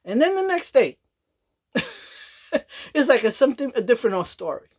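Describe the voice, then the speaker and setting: A woman's voice: fairly high pitch, big pitch swings, normal speed, darkish tone. Rambling, chatty woman vlogger. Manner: rambling, chatty, repeats "you know what I mean", laughs often. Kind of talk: casual rambling monologue.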